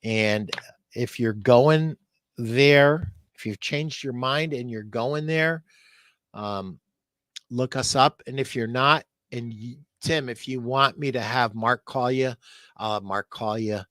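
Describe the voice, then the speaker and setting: A man's voice: mid-range voice, takes it slowly, a bit bright, no echo. A man talking earnestly on a live podcast, getting choked up as he thanks retailers. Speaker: furniture sales rep guest.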